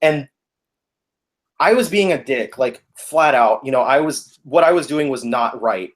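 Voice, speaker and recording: A young man telling a story in casual chat, animated and laughing, acting out the people in it. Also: mid-range voice, a little slow. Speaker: podcast guest telling a story.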